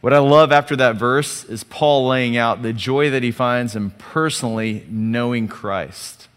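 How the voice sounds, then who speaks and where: A pastor's sermon rings through a big room, his medium-pitched voice smooth, a bit bright, fairly even in intonation and a little slow. He talks conversationally, posing rhetorical questions and inviting the congregation to answer back.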